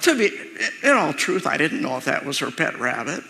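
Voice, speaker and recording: A man preaching a sermon, telling a personal story in an animated way and acting out its sounds and voices. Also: a little high, normal speed, vocal fry. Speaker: pastor. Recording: reverberant hall recording.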